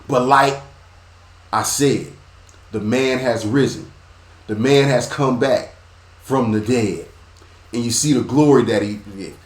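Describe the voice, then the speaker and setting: A man hosting a podcast, delivering a preachy sports monologue in repeated rhythmic phrases, dropping low and quiet, then rising loud and high. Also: slow, long pauses, roomy sound. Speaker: podcast host.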